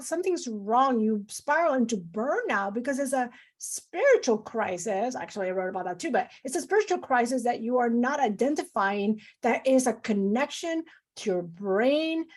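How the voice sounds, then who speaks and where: A middle-aged woman physician guest on an interview, talking effusively with many fillers and acting out the voices she quotes. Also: a little high. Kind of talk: casual interview talk.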